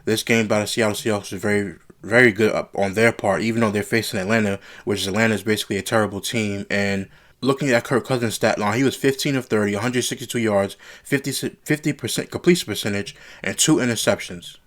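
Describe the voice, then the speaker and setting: A young man giving a solo sports reaction, blunt and exasperated as he rants about a game. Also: fairly low pitch. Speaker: sports commentator.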